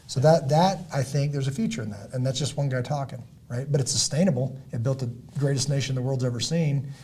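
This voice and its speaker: A middle-aged man with a dark, husky voice talks on a podcast in a preachy, motivational way. He hammers his points by repeating them, swings from loud bursts to low, quiet endings, and keeps clearing his throat. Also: a little fast. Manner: emphatic, repetitive, builds to loud peaks then drops low. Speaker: podcast host and former Navy SEAL.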